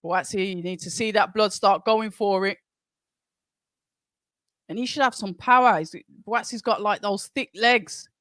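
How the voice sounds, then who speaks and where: Excitable man calling a fight. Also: high voice, no echo, studio quality. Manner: excitable, calls punches quickly, chats with the viewers. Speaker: host of a live watch-along. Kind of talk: live fight commentary and chat.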